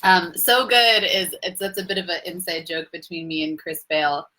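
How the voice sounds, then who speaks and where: Young woman coach chatting on a livestream, bright tense voice, effusive and spiritual. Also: on the low side, moderate pace, poor audio. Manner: effusive and spiritual, laughs easily. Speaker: coach hosting a live Q&A. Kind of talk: casual live-stream talk.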